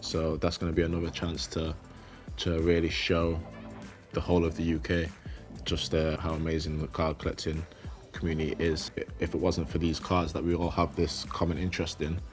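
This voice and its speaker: A young man with a low, flat voice answers questions in an easygoing, halting way, often repeating words as he finds them. Soft music plays underneath. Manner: relaxed, repeats words as he thinks, laughs easily. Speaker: professional footballer and card collector. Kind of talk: casual interview chat.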